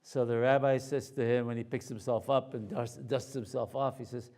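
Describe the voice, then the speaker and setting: A man, a rabbi, giving a storytelling Torah lecture to a live audience in a conversational, animated way. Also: medium pitch, moderate pace.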